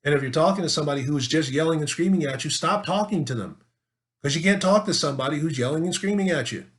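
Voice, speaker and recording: A man's voice: on the high side, animated, quick pace. A man in an opinion monologue, talking emphatically with rhetorical questions and repeated words as he builds his case. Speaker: political commentator.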